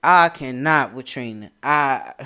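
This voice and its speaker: A woman co-hosting a casual reality TV recap podcast, speaking in with a blunt, opinionated, animated manner. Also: a bass voice, takes it slowly. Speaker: podcast co-host.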